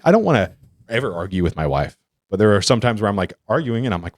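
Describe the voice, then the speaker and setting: A man's voice: lowish voice, fast, no room sound, clean studio sound. A man talking in a casual podcast discussion, rambling and correcting himself as he tells stories. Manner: rambling, self-correcting, animated storytelling.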